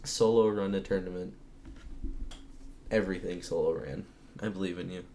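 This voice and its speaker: A man casting an esports match alone from home, calling plays and then talking more quietly so as not to wake others. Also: low voice, creaky, slight background noise. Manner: rapid excited calls, then quieter. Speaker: esports caster. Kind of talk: solo play-by-play commentary.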